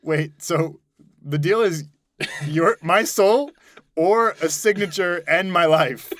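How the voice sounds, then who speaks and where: A man doing an uneasy young man in an improvised comedy bit, close to his own bright voice. He asks his questions slowly and hesitantly. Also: fairly high pitch, dry recording. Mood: unsure. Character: nervous young man weighing a deadly deal.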